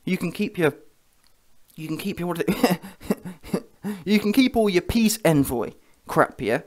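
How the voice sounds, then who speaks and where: Sitting high with lively intonation yet a measured pace, a man's voice delivers a ranting, scornful reaction to boxing on his vlog. He stays heated and keeps asking his audience "yeah?".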